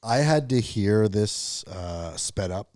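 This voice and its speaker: A man's voice: fairly low pitch, animated, slow pace, a little mellow, no room sound. A man co-hosting a podcast, chatting casually and tossing in dry, offhand quips. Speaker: podcast co-host. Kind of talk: casual chat.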